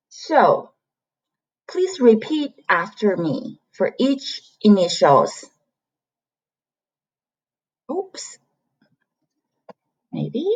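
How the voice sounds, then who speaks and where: Over poor audio, a woman with a medium-pitched, slightly mellow and husky voice leads an online Chinese class. She's a native Mandarin speaker from China who takes her time, patiently saying every sound again and again for the learners.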